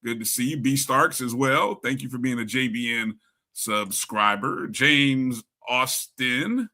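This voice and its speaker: A man's voice: medium pitch, slow. A man co-hosting a casual live sports talk stream, greeting viewers in the chat one by one. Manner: shouting out chat viewers by name, upbeat and chatty. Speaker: sports talk show co-host.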